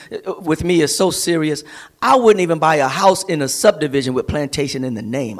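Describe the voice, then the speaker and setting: Emphatic preacher, high lively voice. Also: male voice. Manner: emphatic preaching, rising to near-singing on key phrases; repeats and builds phrases for emphasis. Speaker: pastor. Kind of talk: sermon. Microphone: streamed service.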